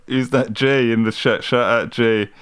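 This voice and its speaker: A man's voice: medium pitch, fairly even intonation, slow, smooth. A young British man with a London street accent hosting a live reaction stream, mocking what he watches, laughing often and talking to his chat. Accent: British, London street style. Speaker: livestream host reacting to news.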